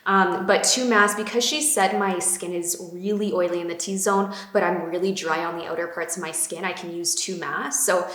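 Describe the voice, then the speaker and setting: A woman's voice: fairly low pitch, steady tone, normal speed, hardly any pauses, fairly bright tone. A young woman gushing about beauty products in a casual vlog, with lots of fillers. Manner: bubbly, gushing, many fillers. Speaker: beauty vlogger. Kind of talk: casual chatty product talk. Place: home room. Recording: echoey room.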